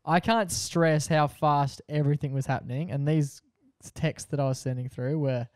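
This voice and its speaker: Young man, animated storyteller. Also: on the high side, normal speed, no room sound, clean studio sound. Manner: animated, laughs often, acts out quotes. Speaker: podcast co-host. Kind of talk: casual storytelling chat.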